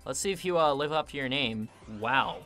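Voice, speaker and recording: A man giving casual gameplay commentary, excitable and self-mocking, quick to vent his frustration. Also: medium pitch, faint music behind. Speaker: gaming video creator.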